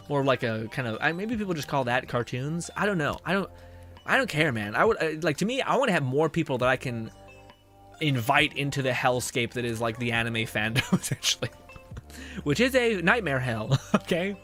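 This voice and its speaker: A man's voice: medium pitch, sing-song, a little fast, fairly bright tone, faint music behind. A young man streaming a game, chatting casually with viewers, rambling and swearing often, with laughs between phrases. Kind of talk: casual chat with viewers while gaming.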